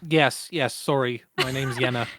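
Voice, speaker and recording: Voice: medium pitch, fairly even intonation, normal speed, fairly bright tone, dry recording, studio quality, close to an everyday voice. A player voicing Yenna, a small, wet and pitiful girl who speaks meekly and apologetically.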